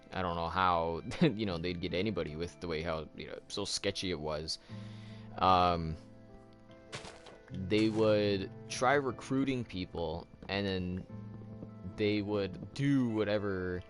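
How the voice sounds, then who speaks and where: A man's voice: deep voice, takes it slowly, a bit bright, faint music behind. A man hosting a let's play, chatting casually and rambling loosely as he tells a long story. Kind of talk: casual chat while gaming.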